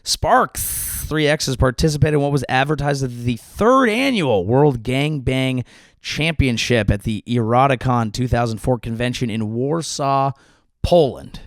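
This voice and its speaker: A man's voice: medium pitch, expressive, a little slow, dry recording, studio quality. A man hosting his comedy podcast, delivering a sarcastic, rambling monologue full of restarts.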